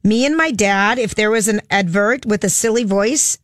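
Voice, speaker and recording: A woman's voice: medium pitch, moderate pace, no echo, studio quality. A woman co-hosting a talk show, reacting wryly and retelling entertainment stories in a casual chat.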